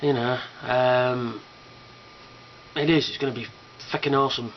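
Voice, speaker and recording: A man's voice: mid-range voice, steady tone, unhurried, lo-fi sound, slight background noise. A man rambling casually about a fan convention, enthusiastic and swearing, with lots of fillers. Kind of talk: casual rambling video response.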